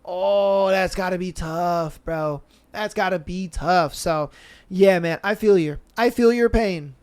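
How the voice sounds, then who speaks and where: A man's voice: sits high, takes it slowly, a little mellow, clean tone. A young man hosting a podcast, chatting casually and reading listener stories aloud in a laid-back, slangy way full of fillers. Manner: slangy and laid-back, heavy with fillers like "bro" and "you know". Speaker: podcast host.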